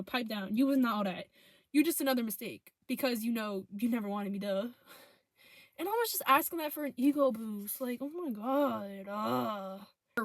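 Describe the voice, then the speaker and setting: A young woman tells a storytime about her ex with plenty of swearing and lively retelling. Her voice sits fairly high. The sound is dry and close. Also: dry recording. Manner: profane, animated retelling of texts. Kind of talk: casual storytime vlog.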